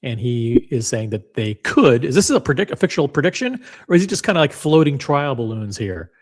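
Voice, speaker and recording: A man hosting a reaction video, talking in an animated, rambling and blunt way with casual swearing. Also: mid-range voice, brisk. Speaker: watch channel host reacting to clips.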